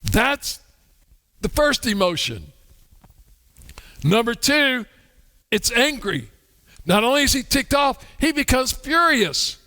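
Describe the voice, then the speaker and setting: Male pastor, bright and high, slow playful sermon delivery, big reverberant sanctuary. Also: big pitch swings. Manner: humorous, acts out quoted voices. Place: church sanctuary. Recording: long church hall reverb.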